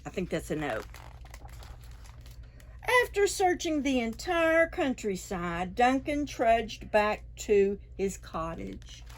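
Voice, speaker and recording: A children's librarian reads aloud to small children, her voice lively and swinging widely in pitch. She speaks slowly and clearly, slightly high, and adds playful sound effects and little asides. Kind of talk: preschool storytime read-aloud.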